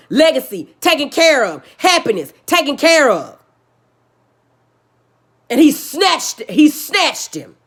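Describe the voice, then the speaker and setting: A woman delivering an impassioned, profanity-heavy rant as a vlogger. She repeats her points emphatically and preaches, swinging between loud outbursts and low, subdued stretches.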